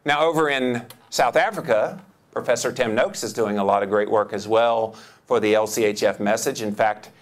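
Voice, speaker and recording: A man giving a lively, joking seminar talk, jumping up in pitch for emphasis. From United States. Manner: enthusiastic, joking, with big pitch jumps for emphasis. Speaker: seminar speaker. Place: lecture hall.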